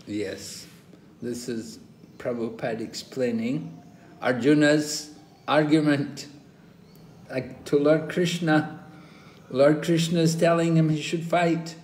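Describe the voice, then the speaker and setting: An older man teaching a scripture class, telling stories slowly and acting out the quoted dialogue. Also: fairly high pitch. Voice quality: slow, animated storytelling, acting out quoted dialogue. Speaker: spiritual teacher. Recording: roomy echo, faint ambient noise.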